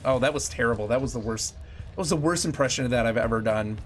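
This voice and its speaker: A man's voice: mid-range voice, fast talker, slight background noise. A man streaming a game with a headset mic, chatting and joking with viewers as he plays. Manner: chatty, jokey, talks to chat while playing. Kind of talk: casual gameplay chat with viewers. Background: game music.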